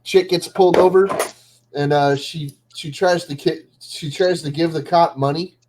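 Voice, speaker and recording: A man's voice: on the high side, steady tone, moderate pace, darkish tone. A man joining a casual livestream chat as a guest, laid-back and joking. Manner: laid-back, joking, says "bro" and "dude". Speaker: stream guest.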